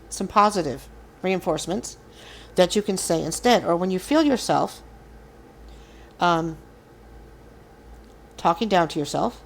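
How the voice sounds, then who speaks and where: A woman's voice: fairly low pitch, slight background noise. A woman hosting a casual collective tarot reading, speaking earnestly and encouragingly to her viewers. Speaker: tarot reader.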